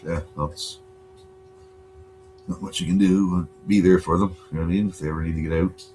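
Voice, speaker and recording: A very deep-voiced man talks on his home livestream in a loose, rambling way, with swear words dropped all through. Under his voice runs a faint steady hum. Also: a little fast. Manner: laid-back, rambling, swears a lot. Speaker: livestream host. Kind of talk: casual chat.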